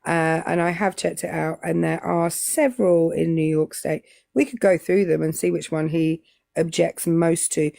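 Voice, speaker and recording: A woman's voice: sits low, fairly even intonation, moderate pace, gravelly, dark tone, no room sound, clean studio sound. A woman with a Southern English accent co-hosting a live stream, chatting casually and rambling with many ums and uhs. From England. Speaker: co-host.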